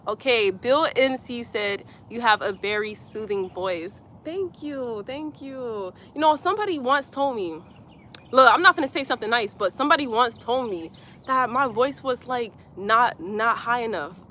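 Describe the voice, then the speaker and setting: A young woman with a slightly high, bright, forceful voice leads a live-streamed yoga class. She gives slow, soft breathing cues and chats easily between poses. Faint crickets and insects sound in the background. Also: lively intonation, a little hiss or hum. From Georgia, USA. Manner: soft, slow breathing cues mixed with chatty comment reading. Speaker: yoga instructor.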